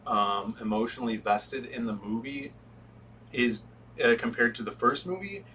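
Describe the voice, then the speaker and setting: Relaxed man heard from a distance. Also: medium pitch. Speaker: podcast co-host. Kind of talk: casual movie review chat. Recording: distant mic with faint background noise.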